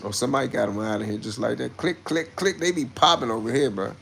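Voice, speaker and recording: Gravelly brash man on a livestream. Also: mid-range voice, fast talker. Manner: brash, swears, moves between muttering and loud outbursts. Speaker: livestreamer reading chat comments. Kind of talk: casual livestream chat.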